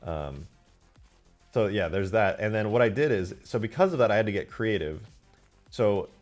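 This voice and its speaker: Excitable, foul-mouthed male streamer, low voice. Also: normal speed, soft background music. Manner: excitable, swears a lot, flares into loud outbursts. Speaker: game modder streaming live. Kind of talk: casual live-stream commentary.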